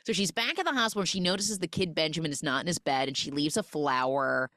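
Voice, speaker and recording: A woman hosting a comic film recap podcast, animated and quick to jump into character voices. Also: sits low, no room sound, clean studio sound. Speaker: podcast host.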